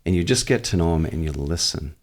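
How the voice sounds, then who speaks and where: Male pastor, deep voice, earnest teacher on a church podcast. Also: animated, fast talker. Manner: earnest, teaching, quotes prayers aloud. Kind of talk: podcast guest explaining.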